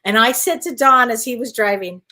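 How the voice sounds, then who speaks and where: A woman co-hosting a casual spiritual chat show, an animated, chatty storyteller who reads viewer questions aloud. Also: on the high side, fairly quick. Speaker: co-host. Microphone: live online show.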